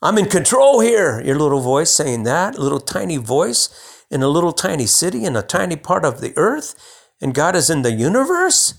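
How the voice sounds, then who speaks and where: A man's voice: fairly high pitch, very animated, a little fast, creaky. A man preaching a sermon in a conversational way, restarting phrases and building to emphatic bursts.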